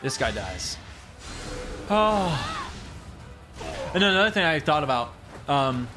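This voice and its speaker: A man casually commentating his gameplay, excitable and rambling, repeating himself and laughing often. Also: medium pitch, fairly quick, music in the background. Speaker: streamer.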